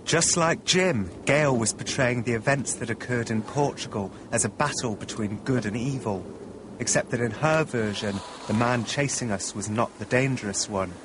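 A man of middle pitch narrates a documentary in the first person, measured and wry. Faint ambient noise hums underneath.

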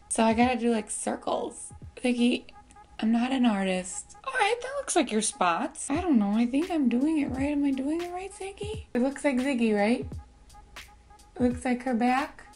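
A woman's voice: fairly high pitch, darkish tone. A woman doing a casual makeup tutorial. She talks in a playful, silly way to her pet bird and makes self-mocking asides. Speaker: beauty vlogger.

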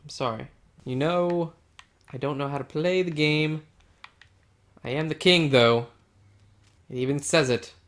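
A man with a somewhat high voice banters while he plays a video game. He's playful and teasing, slipping into mock-grand lines now and then. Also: measured pace, pauses often, a bit bright. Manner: playful, jokey, mock-regal bits. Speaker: gamer. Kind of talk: casual gaming chat.

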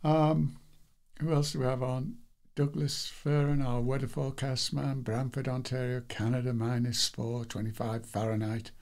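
A man's voice: mid-range voice, level tone, normal speed, darkish tone. Chatty man greeting his livestream viewers. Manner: chatty, rambling, with fillers and small laughs. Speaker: devotional livestream host. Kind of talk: casual chat greeting viewers.

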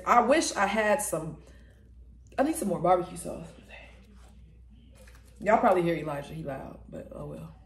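A woman's voice: lowish voice, lively intonation, moderate pace, long pauses. Chatty woman reviewing food in an echoey room. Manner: chatty, talks between bites and hums while tasting. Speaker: vlogger. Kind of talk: casual mukbang food review. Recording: roomy echo.

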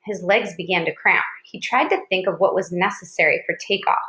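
A woman's voice: fairly low pitch, a little fast, pushed and bright. A woman narrating a chapter of an audiobook, with small slips and restarts as she reads. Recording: roomy echo.

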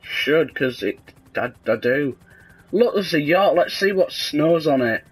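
A young man talks through a video game in a dry, deadpan way. His voice sits slightly high for a man, and he yelps now and then before dropping back into sarcasm. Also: a little slow, husky, soft background music, poor audio. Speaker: gaming video host. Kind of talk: casual gameplay commentary.

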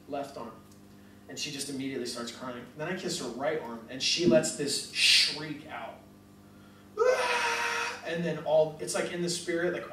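A man's voice: mid-range voice, a bit bright, a little hiss or hum. A young man preaching animatedly to a crowd, telling jokey stories and acting out both sides of conversations. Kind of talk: animated sermon storytelling. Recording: echoey hall mic from a distance.

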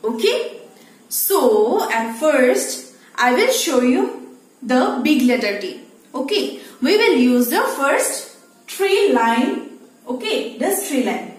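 A woman teacher leads a phonics lesson for young children in a high, lively voice. She speaks slowly and repeats herself, checking in often. The room is very echoey. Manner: slow, sing-song, repeats and checks with "okay?".

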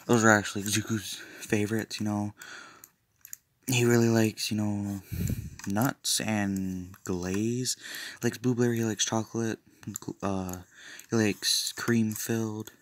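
A man's voice: fairly low pitch, level tone, a little slow. A young man casually telling a fan-made story, rambling with loose fillers, restarts and jokey asides.

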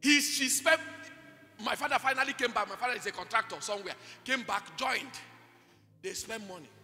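A Nigerian pastor preaching a sermon at a conference, calling out to the congregation for responses and breaking into shouts. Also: male voice, very high voice, fairly quick. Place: large church conference hall. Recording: reverberant hall with music underneath.

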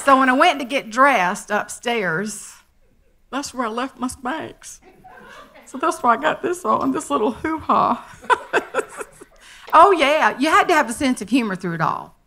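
A woman giving a humorous keynote talk, animated and playful. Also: sits high, unhurried, pauses often, slight background noise. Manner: animated and playful, acting out friends' voices. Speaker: motivational speaker. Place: event stage before a live audience.

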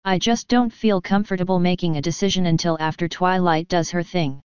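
A woman's voice: lowish voice, steady tone, a little fast, few pauses, a little mellow, clean tone, no echo, dull audio. A woman reading first-person fan fiction aloud in a casual, offhand way, swearing freely. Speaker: audiobook reader.

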